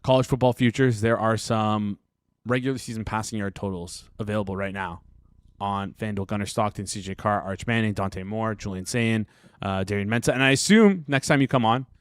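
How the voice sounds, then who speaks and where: A Canadian man hosting a casual sports betting show, firing off quick, repeated prompts and questions. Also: on the low side, no room sound.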